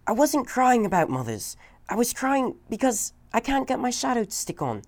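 A woman's voice: fairly high pitch, sing-song, normal speed, a little mellow, pitched above the performer's own voice. A woman doing a cocky young boy. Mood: defiant. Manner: boastful, defiant. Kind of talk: storybook reading.

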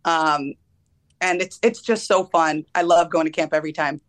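Speaking at a normal speed in a deep voice, a young American woman footballer appears as a guest and answers interview questions casually. She laughs often and fills her answers with plenty of ums.

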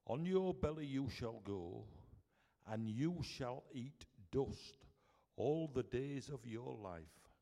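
A man with a Yorkshire accent reading scripture aloud, slowly and deliberately. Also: mid-range voice, lively intonation, vocal fry, mellow. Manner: slow and deliberate. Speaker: scripture reader. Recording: echoey hall from far off.

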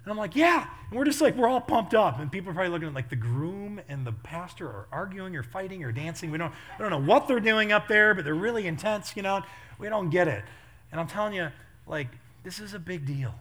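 A pastor preaches a sermon, telling stories animatedly as he builds to loud intensity. His voice sits high and he speaks fast.

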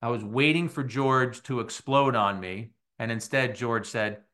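A middle-aged man hosting a sports podcast, telling a story in a lively way and acting out the voices of the people in it. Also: medium pitch, a little slow, few pauses. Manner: animated storyteller, acts out quoted voices. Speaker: podcast host. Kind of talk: casual storytelling monologue.

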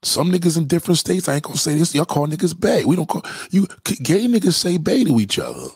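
Husky New York man, lively street talk. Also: fairly high pitch, fast talker, dry recording. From New York City. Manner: profane, animated, heavy slang, repeats himself. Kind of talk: casual street-talk monologue.

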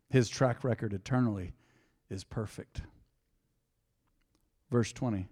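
A man teaching through Bible verses in a casual devotional sermon. He talks straight to his listeners, swinging from emphatic to soft and reflective. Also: on the low side, fairly even intonation, measured pace, long pauses, big-room sound. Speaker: pastor.

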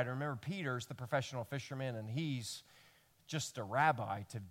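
A man preaching a sermon to his congregation as pastor, telling the stories in a lively way that swings from loud emphasis to hushed lines. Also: mid-range voice, fairly quick. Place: church service before a congregation.

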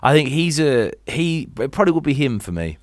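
A man's voice: on the high side, big pitch swings, brisk, no echo, studio quality. A man co-hosting a podcast, rambling and joking in casual banter. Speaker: podcast co-host.

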